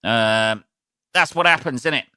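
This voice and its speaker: A man's voice: medium pitch, unhurried, sharp tone, smooth, dry recording, studio quality. A man hosting his own podcast, rambling and swearing casually, sniffly from sneezing, laughing at his own jokes. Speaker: podcast host. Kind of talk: casual solo podcast rant.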